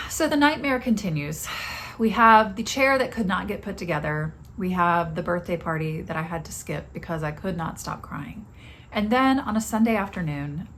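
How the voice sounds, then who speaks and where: A woman's voice: medium pitch, a bit bright, slight background noise. A middle-aged woman hosting a podcast, telling a personal story in a candid, confessional way. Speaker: podcast host.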